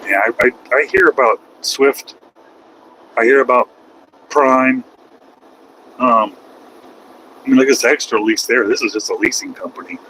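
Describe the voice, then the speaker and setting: A middle-aged trucker talks from his cab on the road, rambling in a folksy way and swearing now and then as he drives. His medium-pitched voice has a sharp tone, a normal pace, and frequent pauses. The audio is poor, with a little hiss or hum.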